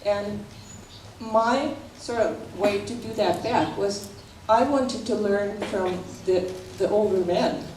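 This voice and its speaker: An earnest woman speaking on a conference panel, halting now and then. She is heard from a distance in an echoey hall, with faint noise underneath. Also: medium pitch. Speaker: panelist, club member.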